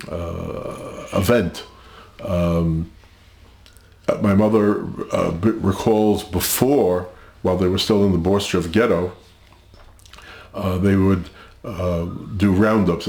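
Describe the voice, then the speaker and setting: An older man tells his family's history in a very deep voice with a gravelly, creaky edge. He speaks slowly and haltingly, pausing often and filling gaps with "uh" and "um". The room around him adds a noticeable echo. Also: a little mellow. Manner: halting, measured, many pauses and fillers. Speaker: interview guest. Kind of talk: recounting family history in an interview.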